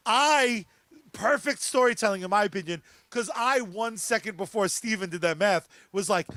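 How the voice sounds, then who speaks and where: A man hosting a podcast in casual chat, riffing excitably with plenty of swearing. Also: sits high, moderate pace, slight background noise. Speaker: podcast host.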